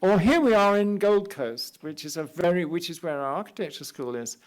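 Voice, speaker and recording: A man's voice: sits high, animated, fairly quick. Wry older British man lecturing. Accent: British English. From England. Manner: wry, anecdotal, self-deprecating humor. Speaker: architect giving a lecture. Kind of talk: public lecture with slides. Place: lecture hall at an art academy.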